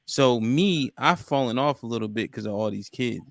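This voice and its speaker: A man's voice: medium pitch, expressive, normal speed, creaky, no echo, studio quality. A man hosting a casual group podcast discussion, blunt and swearing freely. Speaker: podcast host.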